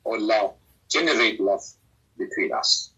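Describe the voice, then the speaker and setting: A man's voice: lowish voice, lively intonation, moderate pace, pushed and bright, breathy edge, lo-fi sound. A man, an Islamic scholar answering questions in an earnest, exhorting manner that rises emphatically. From South Africa. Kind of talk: preaching, lively religious talk.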